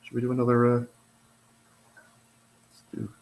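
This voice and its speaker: A man's voice: medium pitch, monotone, normal speed, vocal fry, darkish tone. A middle-aged man, a retired police officer, gives casual commentary on a released document. He talks in an exasperated, sarcastic, rambling way.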